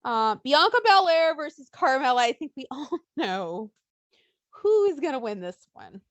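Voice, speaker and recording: A young woman on a podcast, talking high and with a lot of bounce in her pitch, blunt and quick to swear. Her voice is close and dry, with no room sound. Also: dry recording. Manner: animated, blunt, swears freely, acts out fan voices. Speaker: podcast co-host. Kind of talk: casual wrestling podcast chat.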